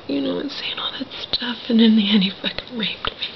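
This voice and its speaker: A woman vlogger talking in a hushed whisper, bitter and full of profanity, in a personal monologue. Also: fairly high pitch, normal speed, gravelly, hardly any pauses, lo-fi sound.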